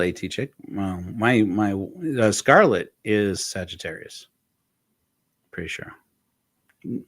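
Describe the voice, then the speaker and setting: A man's voice: fairly low pitch, no echo. A man hosting a casual livestream chat, rambling and self-correcting as he tells stories. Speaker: host.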